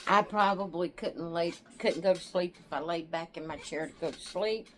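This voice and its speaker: A tired woman hosting her own channel, chatting to viewers in a rambling, relaxed way and yawning now and then. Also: on the low side, moderate pace, a little hiss or hum. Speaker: doll channel host. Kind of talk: casual chat to viewers.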